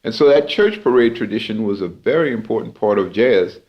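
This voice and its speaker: Brief: New jazz man, lowish voice, easygoing anecdotes, muffled lo-fi podcast sound. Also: brisk. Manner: relaxed, reflective anecdotal telling with fillers. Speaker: jazz clarinetist and historian, interview guest. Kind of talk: storytelling in an interview.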